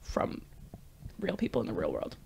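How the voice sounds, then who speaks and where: A woman's voice: rumbling low, huge pitch swings, normal speed, a little mellow, slight background noise. A young woman co-hosting a podcast in casual chat, emphatic and teasing, laughing often. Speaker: podcast co-host.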